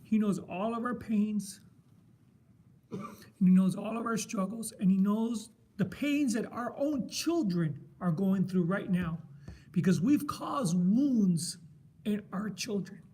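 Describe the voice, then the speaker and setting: Middle-aged man, high-pitched, emphatic faith sharer who repeats himself like a preacher. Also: expressive, takes it slowly, warm tone, slight background noise. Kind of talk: passionate faith sharing.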